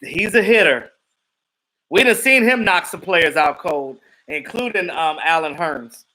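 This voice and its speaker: Animated high-voiced man chatting live. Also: measured pace, rough recording. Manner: animated, laughs often, acts out quotes. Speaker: live stream host. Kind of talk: casual chat reacting to viewers.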